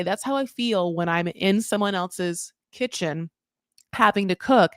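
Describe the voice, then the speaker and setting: A woman's voice: mid-range voice, unhurried, no echo, studio quality. A woman hosting a casual reality TV recap, chatty and swearing freely as she acts out what people said.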